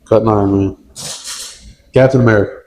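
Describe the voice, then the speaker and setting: A young man co-hosting a casual podcast, excitedly acting out movie scenes as he talks. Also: fairly low pitch, quick pace, highs cut off, slight background noise. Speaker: podcast co-host. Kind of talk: casual chat.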